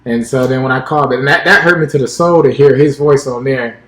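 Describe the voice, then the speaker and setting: A young man co-hosting a podcast tells a personal story in casual chat, acting out the quoted dialogue and restarting often. His mid-range voice is a little fast and fairly bright, in an echoey room.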